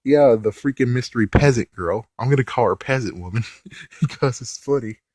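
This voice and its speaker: A man's voice: mid-range voice, brisk, a little mellow, no echo, studio quality. A man reviewing a TV episode in a casual rant, swearing offhandedly and laughing often.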